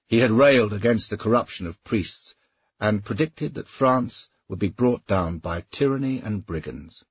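A man narrating a historical novel in a steady, measured audiobook reading. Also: on the low side, breathy edge, dry recording, muffled recording.

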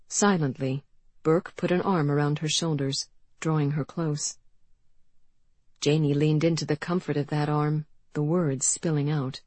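A woman reading an audiobook aloud in measured, expressive storytelling narration. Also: deep voice, no room sound. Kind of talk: scripted narration.

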